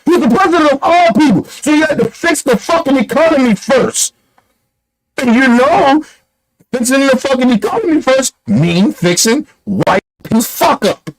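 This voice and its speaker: A man's voice: very high voice, lively intonation, normal speed, gravelly, poor audio. A man giving a heated, profane commentary rant, blunt and emphatic, firing off rhetorical questions. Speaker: online commentator.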